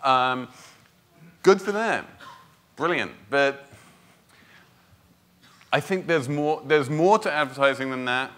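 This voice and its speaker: A man's voice: mid-range voice, bright, forceful tone, smooth. A British man with a somewhat nasal voice, a finance blogger answering questions onstage, frank and opinionated with frequent restarts. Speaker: finance blogger, panel guest. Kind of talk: onstage conference Q&A.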